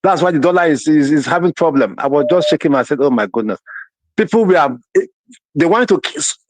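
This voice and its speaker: A man with a high voice and a dry, close sound, calling into a talk show. He talks animatedly, repeats himself and acts out other people's reactions. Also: brisk, dry recording. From United States. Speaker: caller. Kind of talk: casual talk show call.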